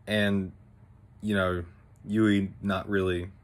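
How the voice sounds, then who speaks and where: A man's voice: sits low, little pitch movement, slow. A young man casually recapping an anime episode, rambling with many fillers and restarts.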